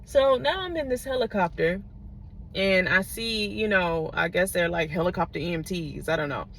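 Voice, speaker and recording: A woman's voice: lowish voice, animated, normal speed, a bit bright. A woman vlogger telling a personal story in a casual, digressive, profane way, often checking in with her listeners.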